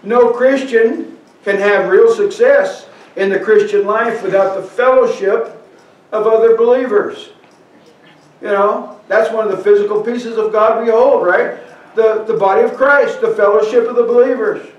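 A man's voice: sits high, fairly even intonation, normal speed, lo-fi sound. A man preaching a sermon, reading scripture aloud and asking the congregation questions. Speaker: pastor. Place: church sanctuary. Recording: echoey church hall, from far off.

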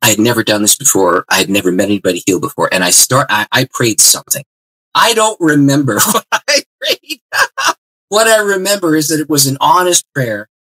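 A man's voice: mid-range voice, brisk, rough recording. A man guest on an interview show, telling a personal story and acting out the dialogue. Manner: lively, expressive storyteller who acts out dialogue. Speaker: guest pastor.

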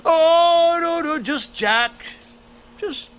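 A storyteller putting on a sly Irish rogue with a lilting brogue, stammering and playing the innocent. The voice sits high and sounds bright and sharp. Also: male voice, very slow, heavily acted. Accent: put-on Irish. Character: sly Irish trickster man Jack.

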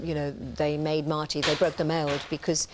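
A woman's voice: sits low, little pitch movement, moderate pace, noisy background. A middle-aged woman from England, a guest impressionist chatting on a daytime TV sofa. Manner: chatty, warm anecdotes, slips into impressions. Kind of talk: casual chat.

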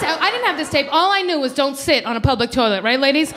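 A woman in her thirties performing a brash, animated stand-up comedy set on a club stage, acting out loud quoted voices. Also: sits high, quick pace, few pauses, a little hiss or hum.

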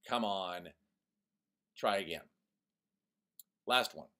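Lowish-voiced guy teaching kids poetry online, playful and jokey, reads the bad lines all sing-songy. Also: very slow. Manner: animated, mock-ironic, reads example lines in a sing-song voice. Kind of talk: online lesson for young students.

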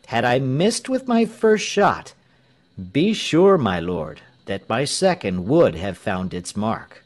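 A man's voice: mid-range voice, big pitch swings, takes it slowly, pitched above the performer's own voice. A man reading a storybook, voicing a proud, defiant male archer who speaks firmly and earnestly.

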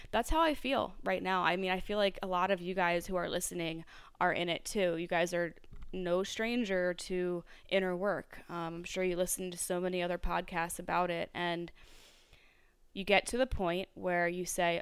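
A woman's voice: on the low side, flat delivery, unhurried, smooth, no room sound. A young adult woman hosting a solo podcast, talking in a reflective, rambling way with many fillers and restarts. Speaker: podcast host.

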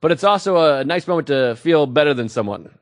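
A man's voice: on the high side, expressive, quick pace, dry recording, clean studio sound. A man co-hosting a podcast, teasing his partner with sarcastic banter in casual chat. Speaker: podcast co-host.

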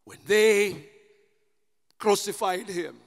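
High-voiced man preaching slowly with passion. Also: long reverb tail. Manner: impassioned preaching, rising to shouts. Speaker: pastor. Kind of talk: sermon. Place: church.

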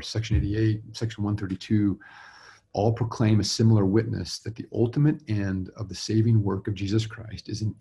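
Low, gravelly-voiced man giving a relaxed lecture. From Utah, USA. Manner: easygoing and self-deprecating, many fillers and restarts. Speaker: religion professor giving a symposium talk. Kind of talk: recorded conference lecture. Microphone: remote talk recording with screen share.

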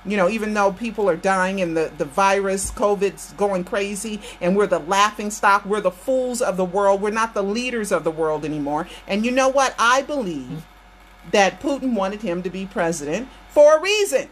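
American woman host, emphatic and repetitive, talks straight at viewers, mid-pitched, slight room hiss. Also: lively intonation, normal speed. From United States. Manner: emphatic, repeats phrases, addresses viewers directly. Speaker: channel host. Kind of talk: impassioned political rant to viewers.

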